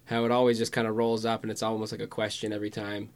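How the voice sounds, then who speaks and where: A man's voice: lowish voice, monotone, racing, few pauses. A young man in casual podcast chat, laid-back and swearing freely as he tells stories.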